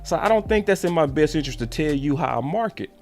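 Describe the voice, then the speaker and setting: A man telling a story in a casual, animated way and acting out the voices of the people he quotes. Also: fairly high pitch, fast, soft background music. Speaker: sports show host.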